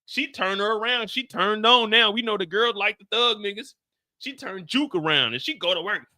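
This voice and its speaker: High-voiced man, joking reaction host, swears freely. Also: lively intonation, normal speed. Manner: loud, profane, joking. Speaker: streamer recapping a TV episode. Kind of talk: animated reaction commentary.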